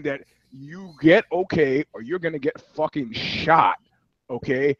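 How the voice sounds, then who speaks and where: A man's voice: medium pitch, animated, moderate pace, dry recording. A man co-hosting a podcast in casual banter, a profane storyteller who rambles through anecdotes. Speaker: podcast co-host. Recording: slightly dull dry audio.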